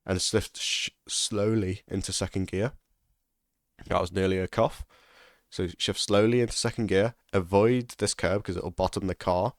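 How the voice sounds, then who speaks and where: Deep-voiced man coaching a racing lap. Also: fairly even intonation, moderate pace, no echo, clean studio sound. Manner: casual, repeats key tips for emphasis. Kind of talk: instructional commentary over a lap.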